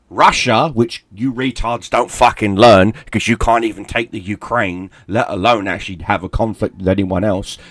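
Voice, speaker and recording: A man's voice: mid-range voice, fairly bright tone, no echo. A middle-aged man, a gaming YouTuber, in a heated, profane, sarcastic rant. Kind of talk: angry ranting commentary.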